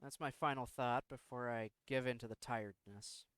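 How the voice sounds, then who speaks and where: A man reading a visual novel aloud in first person, slow and introspective, now and then tripping over words. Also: mid-range voice, steady tone, fairly bright tone, smooth, dry recording, studio quality. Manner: slow, introspective, sometimes tongue-tied.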